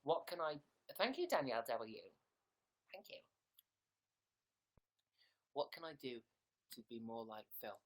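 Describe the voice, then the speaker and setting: A man's voice: mid-range voice, very animated, measured pace, long pauses, a bit bright. A young man hosting a casual livestream from a room at home, joking and rambling, reading comments and dropping into whispered asides. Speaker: livestream host. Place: room in a house.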